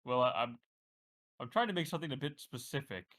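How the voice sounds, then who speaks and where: A man's voice: medium pitch, animated, fast, a bit bright. Hesitant, stammering male tabletop player. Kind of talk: tabletop role-play in character.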